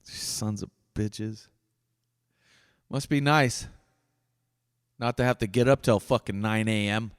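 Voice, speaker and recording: A man's voice: medium pitch, normal speed, pauses often, clean tone. A middle-aged man hosting his own podcast, delivering a blunt, profane solo rant. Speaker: podcast host. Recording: dry voice with long reverb tail.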